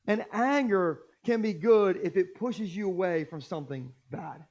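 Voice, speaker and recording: A male pastor preaching a sermon in a church, telling stories with jokes and lively, animated delivery. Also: high voice, moderate pace. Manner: animated, jokey storytelling. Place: church stage.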